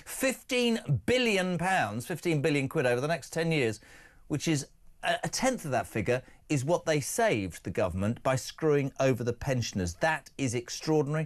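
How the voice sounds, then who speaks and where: A man's voice: medium pitch, lively intonation. A middle-aged man hosting a live phone-in talk show, reading out texts and talking with blunt, joking asides. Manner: brisk, jokey and blunt. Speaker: radio phone-in host.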